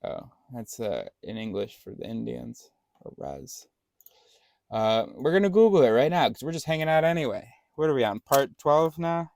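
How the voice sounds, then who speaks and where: A man's voice: mid-range voice, darkish tone, no echo. A man vlogging in a casual, meandering monologue, thinking aloud with many fillers and restarts and swearing now and then.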